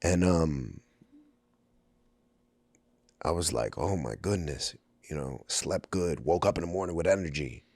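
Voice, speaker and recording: With a bass voice that's animated yet measured, marked by long pauses and a slightly mellow quality, a middle-aged Brooklyn man describes his life on a podcast. He's candid, says um often, and acts out quoted lines, all in a dry recording.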